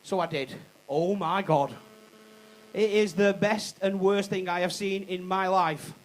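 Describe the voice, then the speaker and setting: A man's voice: high voice, fairly even intonation, a little slow, a little hiss or hum, low-quality recording. A man doing a cheeky stand-up comedy routine on a comedy club stage, swearing and laughing at his own jokes.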